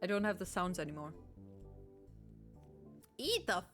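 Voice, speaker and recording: Slow-talking German woman streamer. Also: on the low side, very animated, fairly bright tone, soft background music. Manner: chatty, musing aloud, self-correcting. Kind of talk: casual game commentary.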